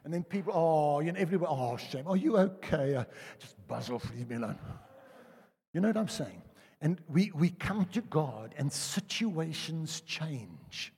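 An older South African man preaching a sermon, telling personal stories in a chatty way that swings between loud and hushed. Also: fairly high pitch, normal speed, vocal fry, husky. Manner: conversational storytelling, lively swings from loud to hushed. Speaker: pastor. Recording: reverberant church hall.

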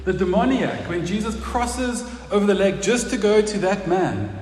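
A man's voice: high voice, lively intonation, moderate pace, a little mellow. A man preaching a sermon in a church hall, talking conversationally and putting questions to the congregation. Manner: conversational, asks the congregation questions, laughs at own stories. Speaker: pastor. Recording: roomy hall with long reverb, faint noise.

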